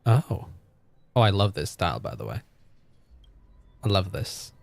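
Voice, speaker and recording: A man's voice: deep voice, sing-song, measured pace, vocal fry, no room sound. A male streamer casually commenting on a game as he plays and chatting with his viewers. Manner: chatty, reactive, talks to chat. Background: faint game music.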